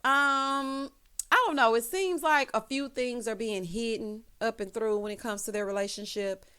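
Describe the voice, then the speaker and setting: A woman giving a casual, sassy recap of a reality TV episode, with animated asides. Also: a little high, normal speed, smooth. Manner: sassy, animated, with frequent exclamations. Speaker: TV recap vlogger.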